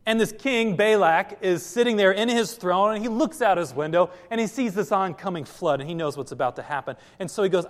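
A man preaching a sermon with lively storytelling, speaking directly to the people in front of him. His voice is high for a man. Long reverb from a large hall hangs on every phrase. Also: fairly quick, few pauses. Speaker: pastor.

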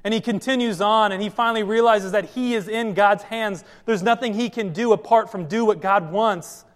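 A man pastor giving a sermon, telling the story in a lively way and speaking straight to his listeners. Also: high-pitched, moderate pace. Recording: long hall reverb.

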